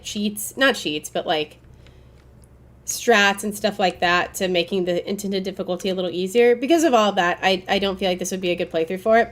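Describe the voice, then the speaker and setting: Woman, game streamer, casual gameplay commentary, rambling and chatty, talks to chat, somewhat low voice. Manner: talks to her chat while playing.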